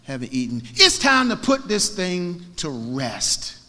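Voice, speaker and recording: A man's voice: high voice, sing-song, takes it slowly, sharp tone, long reverb tail, voice pushed up, full character voice. A man preaching voices a bold, confident male prophet who taunts his rivals in loose, modern slang. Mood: taunting.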